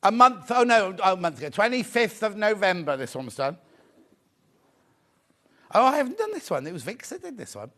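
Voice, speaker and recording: Man, high-pitched voice, chatty excitable sales host, repeats himself. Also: moderate pace, pauses often. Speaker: shopping show host. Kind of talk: live sales presentation.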